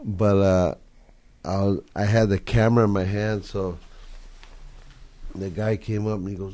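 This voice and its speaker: A man's voice: on the low side, steady tone, a little slow, long pauses, dark tone. A man guest on a podcast, a photographer, telling stories in a laid-back, slangy, profane way. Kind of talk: casual storytelling on a podcast.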